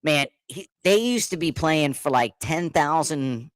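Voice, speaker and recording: A middle-aged man telling a story in casual chat, animated, laughing often and acting out what others said. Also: a little high, unhurried, dry recording. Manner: animated, laughing, repeats words, acts out quotes.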